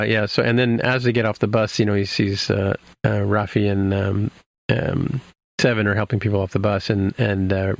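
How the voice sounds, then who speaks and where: A man's voice: on the low side, creaky, no room sound. A man hosting a podcast, recapping a TV episode in casual chat, rambling with many fillers and restarts. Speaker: podcast host.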